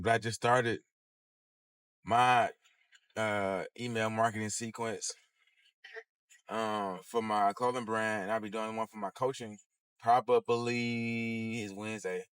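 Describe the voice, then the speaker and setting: A man as a business coach in a casual session, thinking aloud with fillers and pauses, a bit sleepy. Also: lowish voice, steady tone, fairly bright tone, clear, resonant tone, no echo.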